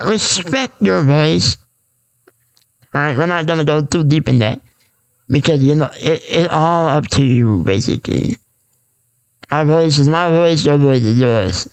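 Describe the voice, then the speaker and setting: A man's voice: on the high side, measured pace, creaky, clear, resonant tone. A man hosting a raw, unscripted solo podcast, rambling and repeating himself with lots of fillers and restarts. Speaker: podcast host.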